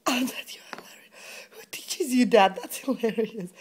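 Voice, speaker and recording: A woman's voice: on the high side, unhurried, a little mellow. Coaxing mother talking to her toddler. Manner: sing-song, encouraging baby talk. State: pregnant. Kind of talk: home video, coaxing a toddler.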